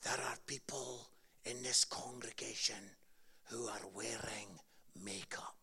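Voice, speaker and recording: A man's voice: steady tone, slow. A Scottish man doing a grim old-school preacher. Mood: ominous. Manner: low, hushed, ominous pronouncements.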